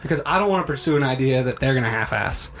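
A man's voice: mid-range voice, lively intonation, rapid-fire, vocal fry, a bit bright, a little hiss or hum. A young man co-hosting a podcast, talking in a casual, rambling and upbeat way that often breaks off mid-word. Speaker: podcast co-host. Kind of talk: casual chat.

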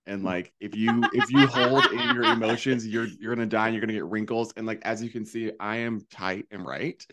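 A man's voice: fairly low pitch, steady tone, brisk, pushed and bright. A man co-hosting a podcast with sassy, campy banter in casual chat. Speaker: podcast co-host.

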